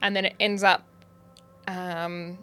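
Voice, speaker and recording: A woman co-hosting a podcast, recapping in a casual, halting way with many fillers. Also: lowish voice, little pitch movement, sharp tone. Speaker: podcast co-host. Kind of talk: casual chat.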